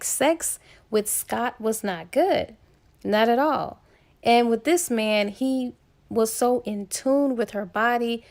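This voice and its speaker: A woman's voice: fairly high pitch, creaky, darkish tone. A woman casually retelling a romance novel's plot as a book reviewer, chatty and full of asides.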